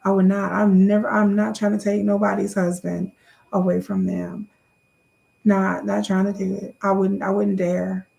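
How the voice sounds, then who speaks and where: A woman's voice: mid-range voice, little pitch movement, normal speed, vocal fry, warm tone. A woman in her thirties doing a casual question-and-answer vlog to camera, chatty, often repeating words and calling viewers y'all.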